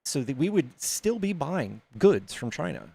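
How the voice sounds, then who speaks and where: A man's voice: a little high, sing-song, a little slow, vocal fry, dark tone. A man hosting a casual debate, arguing his points methodically with frequent fillers. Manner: reasoned, argumentative, many filler likes. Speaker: debate stream host.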